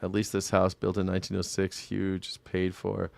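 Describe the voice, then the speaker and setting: Profane, rambling man commentator, crisp and dry. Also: low voice, completely flat delivery, moderate pace, darkish tone, no echo. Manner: rambling, profane, jokey, talks back to viewers by name. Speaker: independent news and culture commentator. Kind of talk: casual livestream commentary, reading chat. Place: home in Southern California.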